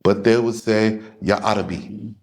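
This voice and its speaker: A man's voice: fairly low pitch, fairly even intonation, measured pace. A man teaching a religious class in an emphatic, confrontational lecturing manner.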